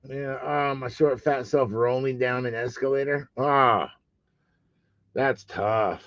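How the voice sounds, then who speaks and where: A man's voice: medium pitch, takes it slowly, fairly bright tone, dry recording, muffled recording. A man hosting a live sports card auction stream, teasing his chat with profane jokes and calling out bids.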